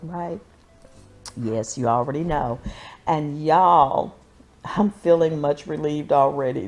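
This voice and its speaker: Sassy middle-aged woman vlogger, low gravelly voice, chatty with her viewers. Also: darkish tone. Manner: sassy, talks to viewers as "honey" and "y'all". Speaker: beauty vlogger. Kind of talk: casual chatty vlog.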